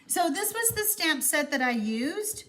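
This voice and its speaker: A Texan woman with a high, very animated voice hosts a chatty card-making live stream at a measured pace. She reads viewer comments aloud, warm and gushing, rambling along with lots of fillers.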